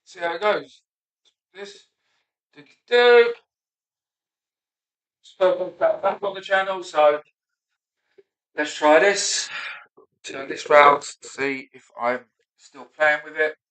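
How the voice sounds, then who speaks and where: Thirties comic running his set alone, high and bright, self-mocking asides, recorded roomy from a distance. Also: steady tone, takes it slowly, long pauses. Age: 30s. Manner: self-mocking, sweary, muttering asides between punchlines. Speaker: stand-up comedian. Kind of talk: rehearsing a stand-up set aloud.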